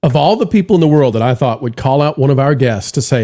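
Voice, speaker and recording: A man's voice: mid-range voice, expressive, quick pace, warm tone. A man hosting a casual online panel show, teasing his guests in playful banter. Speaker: host.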